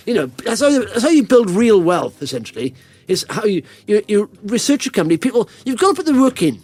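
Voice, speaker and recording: A man's voice: sits high, big pitch swings, brisk, a little mellow, no room sound. A man hosting a podcast, telling rambling stories full of restarts and fillers in a casual chat. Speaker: podcast host.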